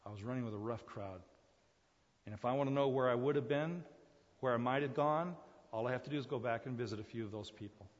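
A male pastor preaching a sermon dynamically, swinging between loud emphatic calls and hushed asides, repeating phrases for emphasis and addressing listeners as folks. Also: mid-range voice, fast. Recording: muffled recording in a long-echo hall.

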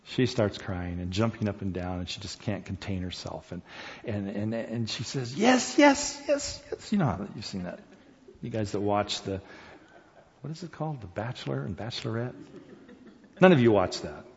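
Folksy man telling a story in a hall. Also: fairly low pitch. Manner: folksy, halting, animated, addresses audience directly. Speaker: speaker. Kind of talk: storytelling to an audience. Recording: dull sound in reverberant hall.

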